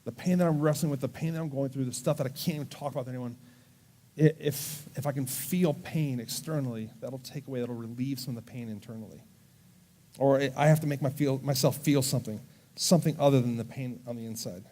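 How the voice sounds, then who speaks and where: A man preaching earnestly to a youth service, speaking gently and slowing down to read scripture aloud. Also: mid-range voice. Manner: earnest, gentle, slows down when reading scripture. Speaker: youth pastor. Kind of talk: sermon to a student audience. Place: church service.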